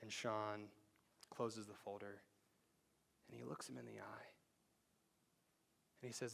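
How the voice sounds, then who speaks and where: A pastor preaching to his congregation in a church sanctuary. His voice sits a little low, and his delivery is loose and conversational. He drops to a near-hush when he wants a line to land. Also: little pitch movement, normal speed, creaky, pauses often. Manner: conversational, drops to a hushed voice for emphasis. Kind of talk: sermon.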